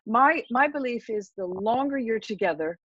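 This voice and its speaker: A woman's voice: on the high side, expressive, normal speed, no echo, lo-fi sound. A woman therapist giving an interview, explaining self-help techniques and coaching a breathing exercise in a confident, instructive way. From England. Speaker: therapist and hypnotherapist guest. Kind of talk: interview answers with a guided breathing demo.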